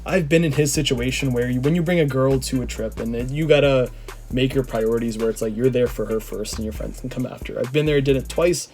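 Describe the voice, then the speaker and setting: A slightly hoarse man telling a story in a casual, rambling way, with many "like" fillers. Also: medium pitch, fairly quick, darkish tone, soft background music. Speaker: vlogger.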